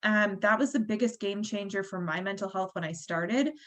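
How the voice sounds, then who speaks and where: A woman's voice: medium pitch, moderate pace. Chatty woman leading a team call. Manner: chatty, filler-heavy, encouraging. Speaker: team leader.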